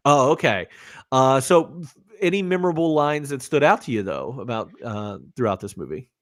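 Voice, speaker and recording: Man, podcast co-host, casual movie chat, rambling, many fillers, mid pitch, dry close mic. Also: lively intonation, normal speed, dry recording.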